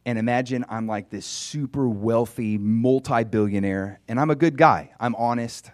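A man's voice: medium pitch, moderate pace, no room sound, studio quality. A man giving an informal, conversational sermon as a Bible teacher. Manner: animated, conversational, acts out dialogue.

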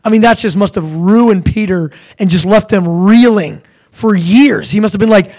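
A young man preaching a sermon in a lively, conversational way, now and then acting out voices of biblical figures. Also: sits high, moderate pace.

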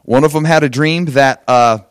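A man preaching a sermon, telling a story in an animated way and acting out the quotes. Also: medium pitch, moderate pace, clear, resonant tone, no room sound, studio quality. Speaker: pastor.

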